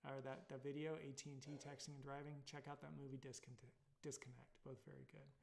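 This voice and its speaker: A man's voice: mid-range voice, level tone, quick pace, gravelly, slight background noise. A man with a Californian accent giving a casual recorded college lecture, rambling with many fillers and tag questions. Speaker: college instructor.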